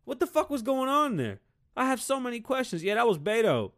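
A man's voice: very high-pitched, very animated, a little fast, a bit bright. A man in his thirties from Puerto Rico, hosting a podcast with a blunt, heated, swear-heavy rant. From Puerto Rican. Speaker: podcast host. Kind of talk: casual profane rant.

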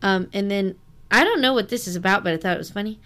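A woman's voice: medium pitch, quick pace, fairly bright tone. A young woman co-hosting a casual book podcast, laid-back, swearing casually and reading quotes aloud. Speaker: podcast co-host.

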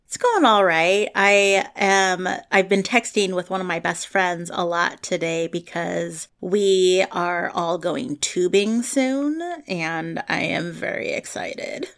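A woman's voice: on the low side, slow pace, hardly any pauses, a bit bright. Easygoing woman podcast co-host. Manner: easygoing, laughs often while telling things. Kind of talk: casual chat.

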